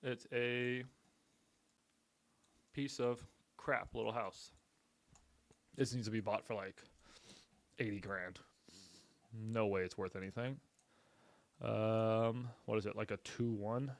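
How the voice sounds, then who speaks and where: A man's voice: lowish voice, fairly even intonation, slow pace, vocal fry, long pauses, no echo. A man casually commenting on a live stream as he makes cold calls, talking bluntly and upbeat in a salesy way and swearing now and then. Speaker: real estate investor and streamer.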